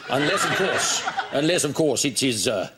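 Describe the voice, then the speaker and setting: A man's voice: mid-range voice, animated, moderate pace, a loud crowd, lightly acted. A man impersonating a posh, greedy, buffoonish male politician, rambling with stammered restarts. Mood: smug rambling. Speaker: comedian. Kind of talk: improvised sketch impression. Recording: noisy studio with loud audience.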